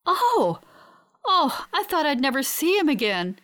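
A woman voicing a young woman just woken from stasis, soft, breathy and full of wonder. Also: high voice, very animated, takes it slowly, pitched above the performer's own voice, heavily acted. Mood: overjoyed.

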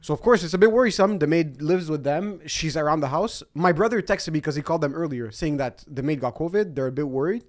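Higher-voiced man chatting earnestly. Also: fast, hardly any pauses. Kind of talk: casual chat.

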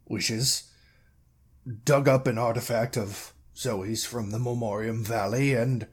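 A man's voice: mid-range voice, husky. A man voicing a pompous, overly courteous male town mayor in a tabletop game. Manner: formal, ingratiating.

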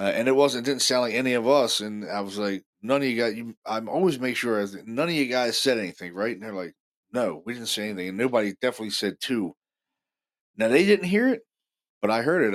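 A man hosting a paranormal show, telling stories casually in an excited, rambling way full of fillers and restarts. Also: on the low side. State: deaf in left ear. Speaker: paranormal podcast host. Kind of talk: casual storytelling monologue.

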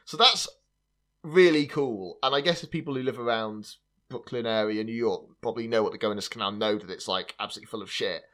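A man's voice: on the low side, quick pace, a bit bright. A man hosting a podcast, chatting casually about film trivia in a wry, sarcastic way, with plenty of fillers and laughter. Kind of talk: casual chat.

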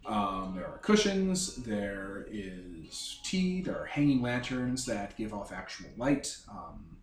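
A man narrates a tabletop game as its game master, rambling and hunting for words as he describes the scene. His voice sits on the low side and is heard from a distance in an echoey room, with faint music in the background. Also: sing-song, takes it slowly, a little hiss or hum. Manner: rambling, full of fillers and restarts.

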